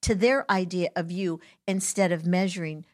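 A woman's voice: fairly low pitch, moderate pace. A woman guest teacher in a casual interview, talking in a playful, emphatic way and coining cutesy words.

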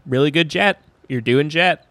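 A man's voice: fairly high pitch, moderate pace, pushed and bright, no room sound. A man co-hosting a podcast in casual chat, riffing animatedly with swearing and laughter. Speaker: podcast co-host.

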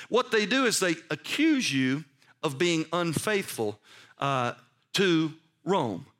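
A man's voice: sits high, fairly bright tone. Man preaching with emphatic repetition. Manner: emphatic, repetitive preaching with direct questions to the congregation. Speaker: pastor. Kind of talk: sermon. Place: church service.

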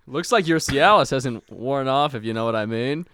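A man's voice: medium pitch, lively intonation, normal speed, fairly bright tone, clean tone. A man co-hosting a comedy podcast, throwing in wry questions and asides. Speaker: podcast co-host. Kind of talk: improvised comedy banter.

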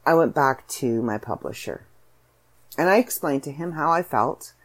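A Canadian woman with a Canadian accent, hosting a podcast and talking casually about her writing in a chatty, animated way. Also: deep voice, moderate pace. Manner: chatty, animated storytelling with voiced asides. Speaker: podcast host and author. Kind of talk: casual solo podcast monologue.

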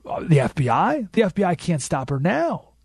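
A man hosting a political talk radio show, emphatic and animated, repeating points for effect, in a studio. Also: high voice, moderate pace, vocal fry, breathy edge, dry recording. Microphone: studio microphone.

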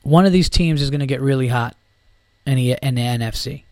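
A man's voice: medium pitch, brisk, a little mellow, dry recording. A man hosting a podcast, ranting about football in a heated, profane, rambling way. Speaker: podcast host. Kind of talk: casual sports rant.

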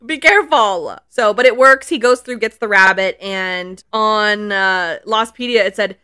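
A woman's voice: medium pitch, a little slow, sharp tone, clean tone, no echo. A young woman co-hosting a podcast, chatting casually and acting out both sides of the scenes she retells. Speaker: podcast co-host. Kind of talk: casual chat recapping a TV episode.

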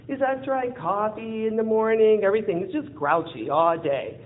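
A woman telling a personal story in a lively way, acting out what people said and laughing often. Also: mid-range voice, moderate pace. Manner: lively, acts out quoted dialogue, laughs often. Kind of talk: personal storytelling with a closing lesson. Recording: phone-like narrow sound with faint noise.

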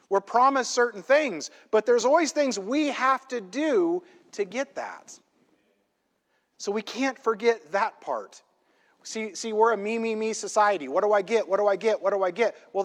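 A male pastor preaching a sermon in a church, emphatic and conversational, often checking in with a quick "right?". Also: high voice. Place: church sanctuary. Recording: long hall reverb in a church.

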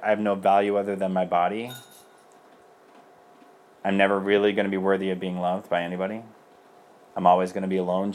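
A man's voice: low voice, darkish tone, a little hiss or hum. A young man speaking as a priest, giving an earnest personal testimony in a loose conversational way. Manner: earnest and conversational, many fillers.

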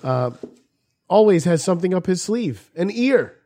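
A man's voice: high-pitched, big pitch swings, moderate pace, warm tone. A man co-hosting a crude, casual podcast, reading an article aloud and joking around. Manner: jokey, drops into silly put-on voices. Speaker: podcast co-host.

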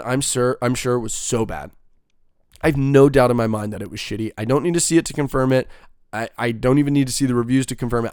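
A man's voice: medium pitch, a little mellow, no echo, studio quality. A young man ranting casually and heatedly, swearing a lot and rambling from point to point. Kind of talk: casual podcast rant.

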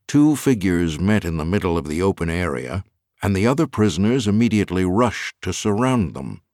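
A man narrating an audiobook thriller in an expressive, lively reading on a close studio mic. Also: low-pitched, dry recording.

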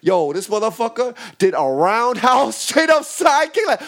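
A man, a bouncer and podcast co-host, telling a profane, animated story and acting out the voices and sound effects. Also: very high-pitched, normal speed, gravelly. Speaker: works as a bouncer. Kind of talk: casual storytelling chat.

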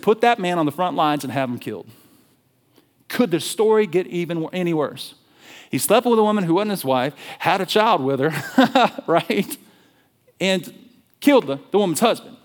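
High-voiced animated preacher. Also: male voice. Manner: animated storytelling, conversational. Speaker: pastor. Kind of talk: sermon.

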